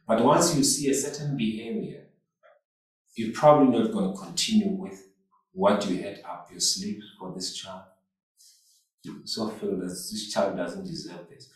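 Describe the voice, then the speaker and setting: A man preaching a sermon as pastor, repeating phrases and calling out to the congregation. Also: on the low side. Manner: slow, repetitive preaching with call-outs to the congregation. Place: church hall. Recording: echoey hall, mic far off.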